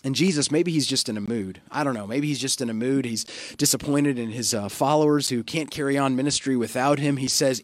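A man preaching a sermon at a middle pitch, earnest and reflective. He often lets his phrases drop softly. The recording sounds dry and close. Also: dry recording. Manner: earnest, reflective, with soft dropping pauses. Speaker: pastor.

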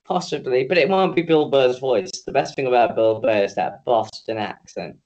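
Sweary, teasing podcast host. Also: male voice, medium pitch, moderate pace, a little mellow, highs cut off. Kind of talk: casual chat.

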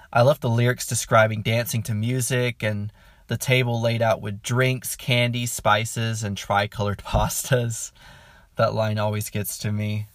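A man talks through an album review in a casual, excited ramble, filling pauses with "um" and chuckling as he goes. His voice sits a little low. The sound is dry, with no room echo. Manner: enthusiastic, rambling, lots of "um"; chuckles mid-sentence. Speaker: music reviewer.

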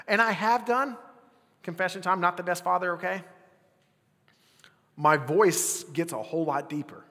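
A young adult man preaching a casual sermon as pastor, swinging between loud bursts and near-whispers. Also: high-pitched, moderate pace, long pauses, long reverb tail.

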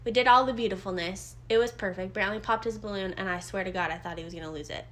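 A woman's voice: mid-range voice, fast talker, fairly bright tone. A woman podcast co-host telling a trip story in casual chat, swearing often.

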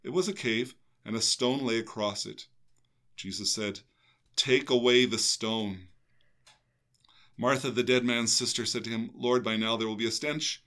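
An older man who is a priest reads a gospel passage aloud, then reflects on it with a co-host in earnest, meditative talk with some restarts. His medium-pitched voice is fairly bright and unhurried, with fairly even intonation.

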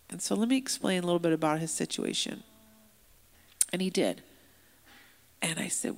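Woman interpreting a sermon out loud, bit of fry in her voice, long churchy reverb. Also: fairly low pitch, moderate pace, long pauses. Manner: lively storytelling with voiced quotes. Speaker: sign language interpreter voicing a deaf pastor. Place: church sanctuary.

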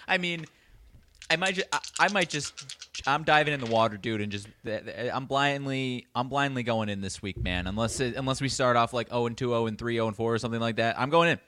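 A man's voice: mid-range voice, fairly quick, bright, forceful tone. A man co-hosting a sports betting podcast, casual and laid-back, often saying dude and man. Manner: laid-back, says dude and man a lot, laughs easily.

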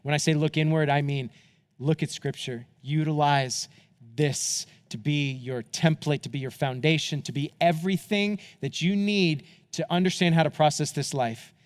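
Male pastor, earnest sermon delivery, higher voice, long hall reverb. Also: steady tone, moderate pace, smooth. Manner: earnest, rising to impassioned appeals, then quiet and hushed in closing.

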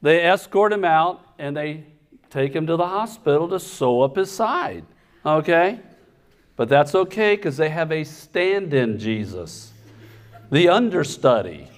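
A man preaching a sermon, telling a comic story with lively, animated delivery and sudden shouted outbursts. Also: a little high, measured pace. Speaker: pastor.

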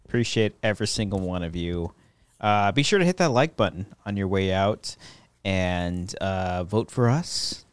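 A man's voice: deep voice, expressive, moderate pace, clear, resonant tone, no room sound. A man hosting a podcast in casual chat, joking loosely and swearing as he signs off. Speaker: podcast host.

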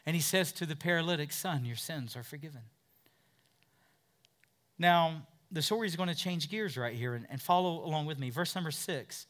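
Male pastor, emphatic sermon, bright tone, higher pitch. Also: moderate pace. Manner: emphatic preaching with acted quotes.

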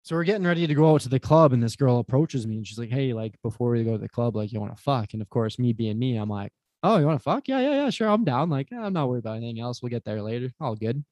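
A man's voice: medium pitch, quick pace, hardly any pauses, dry recording. A man telling a profane story, dry close mic. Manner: animated, profane, acts out quotes. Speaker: podcast guest. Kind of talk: casual storytelling chat.

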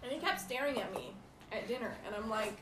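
A woman's voice: on the high side, expressive, quick pace, echoey room, a crowd in the background, low-quality recording. A woman chatting casually and giggling while she recounts a story. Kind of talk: casual chat.

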